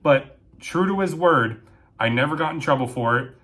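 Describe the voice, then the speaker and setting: A man's voice: on the high side, normal speed. Casual storytelling man, chatty asides. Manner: animated, with frequent "right?" and "okay?" tags.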